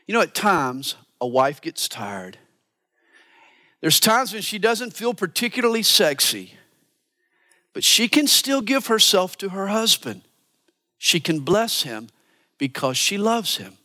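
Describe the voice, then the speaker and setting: A man preaching a sermon as a pastor, animated and earnest, dropping to hushed asides for emphasis. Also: high-pitched, slow, long pauses. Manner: animated preaching, mimics voices for quotes.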